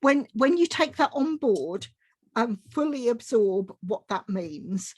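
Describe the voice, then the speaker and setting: A woman's voice: fairly high pitch, lively intonation, takes it slowly, a little mellow, slightly rough, no room sound. A woman hosting an interview podcast, enthusiastic and restarting her sentences as she talks. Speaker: interview host.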